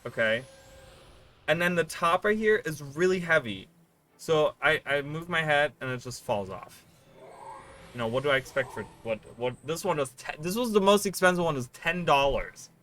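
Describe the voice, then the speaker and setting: A man streaming live, chatting casually with his viewers in a rambling, excitable way and swearing freely. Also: a little high, moderate pace.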